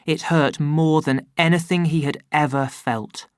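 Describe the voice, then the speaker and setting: A narrator reading a story aloud in a slow, measured, plain storytelling manner. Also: mid-range voice, steady tone, smooth, no echo, clean studio sound. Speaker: audiobook narrator. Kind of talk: scripted narration.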